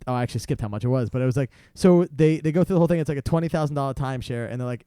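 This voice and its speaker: A man's voice: medium pitch, rapid-fire, hardly any pauses, clear, resonant tone, dry recording, clean studio sound. A young man, a podcast guest, telling a long story in casual chat and acting out other people's lines as he goes. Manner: animated, acts out salesmen's voices in quotes.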